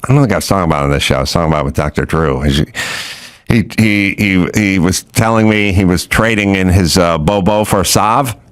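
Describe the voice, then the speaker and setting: A man's voice: deep voice, brisk, fairly bright tone, smooth, no echo, clean studio sound. A middle-aged man hosting a podcast in casual chat, rambling and exasperated as he tells stories. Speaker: podcast host.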